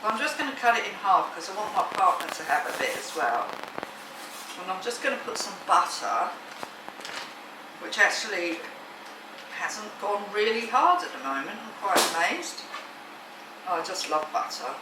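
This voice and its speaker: A woman's voice: mid-range voice, very animated, normal speed, pauses often. A woman vlogging casually from her home kitchen, chatty and enthusiastic with many ums and restarts. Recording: echoey room, distant mic, noisy.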